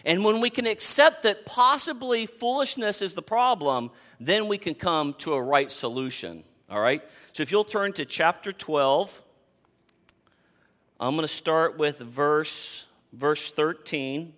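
Man, fifties, pastor preaching; emphatic, fairly high voice, repeats words for punch. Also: measured pace. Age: 50s. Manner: animated, emphatic, repeats words while building a point. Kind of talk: sermon.

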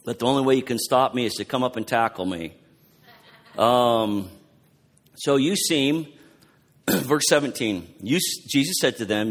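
Guy pastor preaching loud and fired up, big hall echo, middle pitch. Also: unhurried. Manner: loud, fervent, preaching at a near yell. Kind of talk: sermon. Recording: long hall reverb.

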